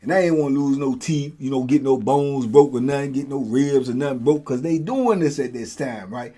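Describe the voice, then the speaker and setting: A middle-aged storyteller host briskly tells a prison story in casual talk. He acts out the guards and himself in loud, high bursts, then drops low and quiet for asides.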